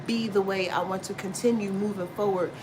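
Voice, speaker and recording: A woman in the middle of her range talks loosely and bluntly to her viewers, swearing freely and slipping into excited asides. A clear, steady hiss of noise runs under her voice the whole time. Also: medium pitch, fairly quick. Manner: blunt, profane, chatty, laughs and exclaims often. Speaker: tarot reader livestream host. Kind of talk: casual spiritual talk to viewers.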